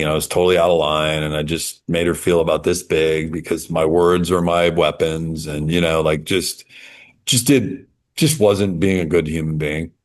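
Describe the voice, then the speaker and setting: A middle-aged man from Connecticut, a podcast guest telling a personal story in a candid, emphatic way with many restarts. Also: very deep voice. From Connecticut, USA.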